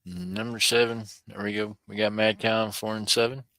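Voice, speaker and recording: Folksy low-voiced man hosting an auction. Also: flat delivery, normal speed, sharp tone, dry recording. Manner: folksy, chatty, chuckles often. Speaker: online auction host. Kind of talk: live-stream auction chat.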